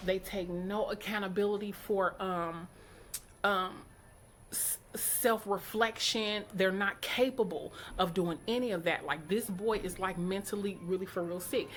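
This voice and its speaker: A middle-aged woman, a mother, telling a story to her viewers in a casual, outspoken and animated way, acting out what each person said. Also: mid-range voice, normal speed, a little hiss or hum. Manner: animated, outspoken, quotes people in character. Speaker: vlogger, mother.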